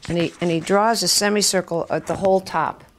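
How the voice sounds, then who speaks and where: A woman's voice: on the low side, fairly even intonation, brisk, slight background noise. A woman in her seventies, a writing teacher telling candid stories to an audience, swearing freely and acting out the voices of people in her stories. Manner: acts out quoted voices. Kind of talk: storytelling talk to an audience.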